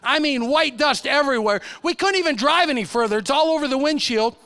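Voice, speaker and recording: Middle-aged male evangelist, high pitch, animated sermon delivery in church. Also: fairly quick, hardly any pauses. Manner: animated storyteller, shifts from loud to hushed. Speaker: preacher.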